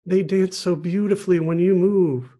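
A man's voice: high-pitched, steady tone, normal speed, dark tone, voice pushed up. A man voicing a tender-hearted male gardener who stammers and pleads. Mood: pleading.

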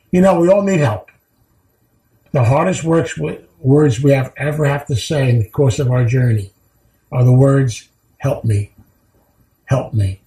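A man's voice: mid-range voice, dark tone, echoey room, poor audio. A man giving a heartfelt recovery talk, telling stories earnestly and repeating key phrases for weight. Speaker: recovery speaker.

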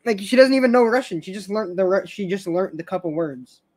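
High-voiced young man rambling about a show. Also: expressive, brisk. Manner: rambling, stammers and restarts, laughs often. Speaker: show fan host. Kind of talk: casual fan commentary stream.

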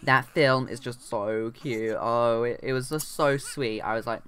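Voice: mid-range voice, steady tone, a little slow, fairly bright tone. Chatty young gamer, rambling. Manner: chatty, rambling, talks to game characters, often trails off. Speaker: let's play gamer. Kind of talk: casual gameplay commentary.

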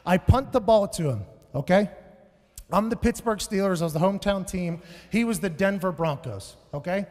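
A man in his thirties doing a stand-up comedy set, telling stories loudly with profane, shouted bursts. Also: sits high, moderate pace. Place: large venue on stage. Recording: live hall with long reverb.

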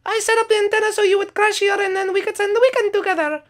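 Sing Song, as a man does him, squeaky and cheery. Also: little pitch movement, fast talker, a bit bright. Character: goofy scheming camp friend, male.

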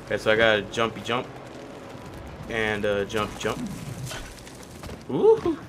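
A man's voice: lowish voice, level tone, moderate pace, noisy background. A man casually commenting on his own gameplay as a video host, rambling and talking to himself, with a cracky voice that breaks now and then. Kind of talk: casual let's-play commentary.

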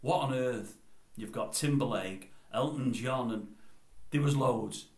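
Older bloke, mid-pitched, digressive vlogger rant, recorded in an echoey room. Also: male voice, a little slow, darkish tone. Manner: rambling, digressive, opinionated. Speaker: YouTube commentator. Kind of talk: casual opinion vlog.

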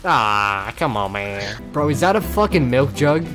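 A young man casually commentating his gameplay, swearing and getting exasperated with loud outbursts, with game music behind him. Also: mid-range voice, sing-song, measured pace. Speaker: gameplay streamer.

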